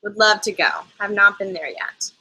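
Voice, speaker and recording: Bright-voiced young woman travel host. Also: mid-range voice, animated, moderate pace, low-quality recording. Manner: chatty, rambling with asides. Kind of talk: live Q&A chat with viewers.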